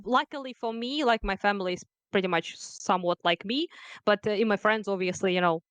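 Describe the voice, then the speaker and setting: A young woman from Ukraine talks in a loose, casual way, piling up fillers and small laughs. Her voice is smooth and clear, at a middle pitch. The sound is dry and close. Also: brisk, fairly bright tone, no room sound. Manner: chatty, laughs often, many fillers. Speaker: guest. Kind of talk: casual conversation.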